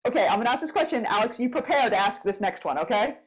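A woman's voice: on the high side, expressive, quick pace, low-quality recording. Giggly teasing young woman host. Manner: giggly, teasing, loud calling out. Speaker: podcast host. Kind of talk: casual podcast interview.

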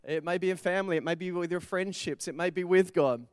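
A middle-aged pastor delivering a sermon with a smooth, resonant voice pitched a little higher than most men. He talks it through like a conversation, weaving in stories from his own family life. The sound is close and dry, with almost no room echo. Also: quick pace. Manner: conversational preaching with personal stories. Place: church.

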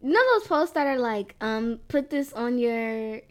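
Young woman podcast cohost, high voice, giggly, rambling story w lots of "like". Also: a little slow. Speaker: podcast co-host. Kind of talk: casual chat.

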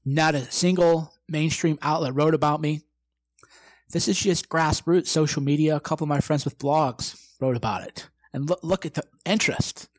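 A man's voice: fairly high pitch, normal speed, dry recording. A brash man, likely in his twenties, giving a profane motivational talk and acting out quoted exchanges. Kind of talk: direct-to-camera motivational talk.

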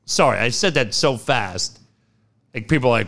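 A middle-aged man, co-hosting a sports talk show and telling stories in an excitable, profane way. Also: mid-range voice, moderate pace. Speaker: sports radio co-host. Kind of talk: casual chat.

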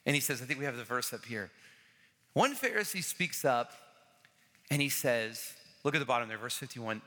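A man preaching with a lively, swooping delivery and a bright, forceful edge to his voice. He hammers home phrases by repeating them and acts out the people in his story. His voice rings through a large church with a long reverb tail. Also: mid-range voice, moderate pace. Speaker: pastor. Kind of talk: sermon.

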